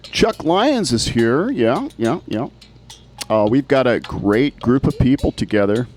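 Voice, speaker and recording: A man's voice: medium pitch, very animated, a little slow. A man hosting a livestream, greeting viewers by name and trading playful banter with his co-host. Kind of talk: casual livestream chat.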